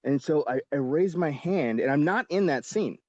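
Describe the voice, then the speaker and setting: Mellow-voiced man telling a rambling story. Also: on the high side, moderate pace, dry recording, highs cut off. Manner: rambling, filler-heavy, lively, swears casually. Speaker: actor, podcast guest. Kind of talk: casual storytelling.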